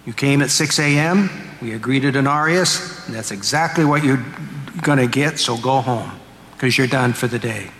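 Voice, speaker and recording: Priest voicing a firm vineyard owner. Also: male voice, medium pitch, normal speed, a bit bright, a little hiss or hum, natural voice. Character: generous, unbothered male vineyard owner. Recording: echoey church hall, faint ambience.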